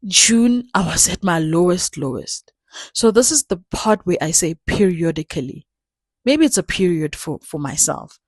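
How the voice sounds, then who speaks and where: A woman's voice: fairly low pitch, lively intonation, normal speed, slightly rough, dry recording. A young adult woman hosting her channel, speaking in an earnest personal way and repeating words for emphasis. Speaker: channel host. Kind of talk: personal reflective talk.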